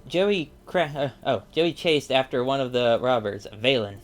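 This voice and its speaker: A man's voice: medium pitch, expressive, measured pace, soft background music. Rambling man commenting on gameplay. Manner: rambling, chatty, many fillers. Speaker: let's play gamer.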